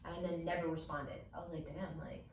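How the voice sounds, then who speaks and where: A woman's voice: sits low, a little fast, creaky, roomy sound, far from the mic, a little hiss or hum. A woman in her twenties co-hosting a podcast, telling stories in casual chat and acting out quotes. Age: 20s. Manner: animated storyteller acting out quotes. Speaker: podcast co-host.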